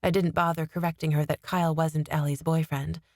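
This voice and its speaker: A woman narrating a fantasy novel in the first person, steady and expressive, on a studio mic. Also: low voice, brisk, no echo. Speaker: audiobook narrator.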